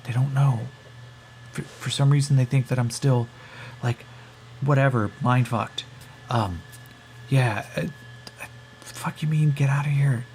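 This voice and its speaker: A man voicing a frightened male farmer held captive, talking in a hushed, frantic whisper. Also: mid-range voice, steady tone, unhurried, pauses often, slight background noise, natural voice, poor audio. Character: panicked male farmer captive, fearful and jumpy.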